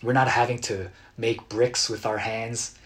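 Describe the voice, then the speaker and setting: A man preaching a sermon as a pastor, earnest and dramatic, acting out quotes with bursts of loud emotion. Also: mid-range voice, flat delivery, a little slow. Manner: earnest, dramatic retellings with sudden loud outbursts.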